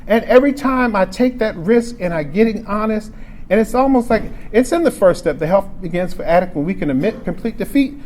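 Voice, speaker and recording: Guy in his 40s, pretty high voice, candid and emotional, keeps restarting, faint room hum behind. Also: lively intonation, fairly quick, darkish tone. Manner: frank and emotional, with frequent restarts and laughter. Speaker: speaker sharing recovery story at a convention. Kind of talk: candid personal testimony. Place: convention meeting room.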